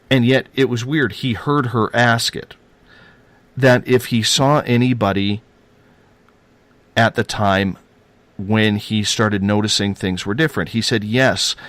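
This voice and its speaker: A man's voice: medium pitch, a bit bright, no room sound. A man telling a personal paranormal story in a rambling, earnest way, repeating himself and using casual slang.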